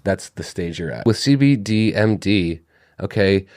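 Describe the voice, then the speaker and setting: Low-voiced joking comic in a dry booth. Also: male voice, lively intonation, measured pace, a little mellow, dry recording. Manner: joking, rambling storyteller. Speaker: podcast co-host and stand-up comic. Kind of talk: casual podcast chat and ad read.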